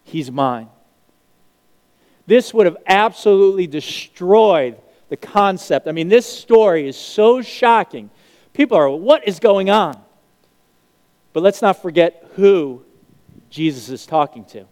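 A man preaching a sermon, telling a parable in an animated way and acting out the characters' lines. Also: high voice, unhurried. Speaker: pastor. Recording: long hall reverb.

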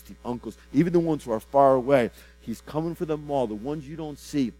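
A man in prophetic ministry speaks a personal word over someone. He is fervent and repeats phrases, swinging from loud bursts to soft, low drops and stumbling into restarts. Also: low-quality recording.

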